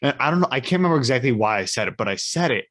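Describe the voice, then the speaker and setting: A man co-hosting a podcast in casual chat, his voice sitting at an ordinary middle pitch. He laughs often as he talks and stumbles over his words, restarting his sentences. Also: expressive, very fast, a bit bright. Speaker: podcast co-host.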